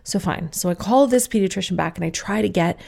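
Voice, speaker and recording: A woman's voice: medium pitch, quick pace, creaky, darkish tone. A young woman telling a candid, swearing personal story as a casual monologue and acting out the people she quotes.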